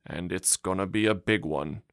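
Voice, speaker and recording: A man's voice: low voice, normal speed, a bit bright, smooth, no echo, studio quality. A man doing an insistent old village mayor. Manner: emphatic, insistent.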